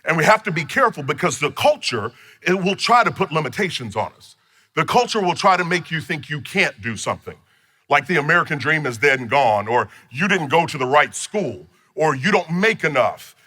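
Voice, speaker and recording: A man with a bright, forceful voice teaching personal finance. He talks emphatically and tells stories with playful asides, sitting a little higher in pitch than most men. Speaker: financial course instructor. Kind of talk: motivational teaching talk.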